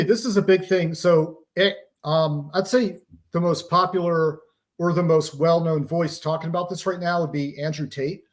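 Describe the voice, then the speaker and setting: A man being interviewed as an author, explaining psychological operations in a lecturing way with pop-culture analogies. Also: a little high.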